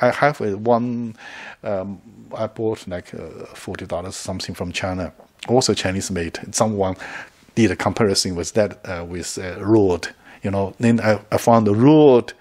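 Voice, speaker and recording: A man's voice: on the low side, a little mellow. A middle-aged man chatting casually to camera as a video creator, rambling, repeating words and chuckling often.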